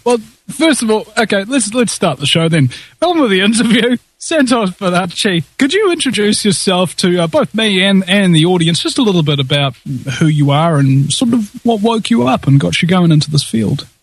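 Jokey New Zealand radio host. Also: male voice, high voice, animated, normal speed, husky, no room sound. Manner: jokey, rambling, many uh fillers. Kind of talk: casual interview hosting.

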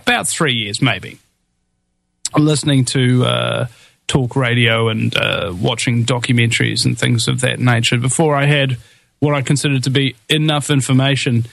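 A man holds forth as a talk radio host, urging listeners on with rising fervor. His speech is full of hesitations and restarts, and it sits at an ordinary pitch in a dry, close recording with no room sound. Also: vocal fry, a bit bright, dry recording. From New Zealand. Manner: fervent and rallying, with many hesitations and restarts. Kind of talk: impassioned talk radio commentary.

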